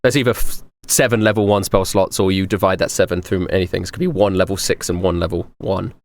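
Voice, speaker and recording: A man's voice: sits low, steady tone, quick pace. A man narrating as game master of a tabletop game, loose and rambling with many fillers.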